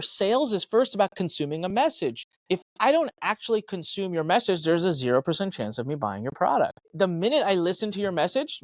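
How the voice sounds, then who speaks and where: A man talks quickly and emphatically as a podcast guest, acting out his own thoughts in punchy asides. His voice leaps up and down with lively energy. The sound is dry and close, with no room around it. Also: sits high, dry recording. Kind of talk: animated advice talk.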